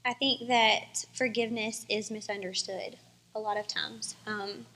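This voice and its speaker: A woman speaking as a guest at a church service, giving a thoughtful, measured reflection with pauses. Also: mid-range voice, fairly even intonation, sharp tone, poor audio. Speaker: church guest sharing her story. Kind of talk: reflective testimony.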